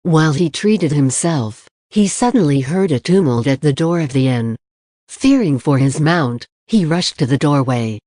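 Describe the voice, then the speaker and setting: An audiobook reader in calm, measured narration of a novel. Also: medium pitch, no room sound, studio quality.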